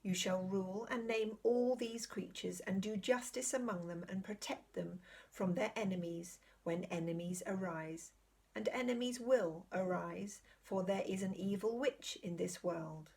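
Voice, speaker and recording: A woman reading aloud, voicing a great solemn male lion king who speaks slowly and with authority. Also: medium pitch, vocal fry, a little mellow. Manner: slow, solemn, commanding.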